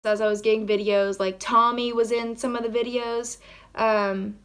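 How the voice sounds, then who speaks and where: Excitable woman vlogger, slightly high voice. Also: moderate pace, clean tone. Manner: excited rambling storytelling, many "like"s and "oh my gosh"; acts out quoted lines in her own voice. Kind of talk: casual storytime vlog.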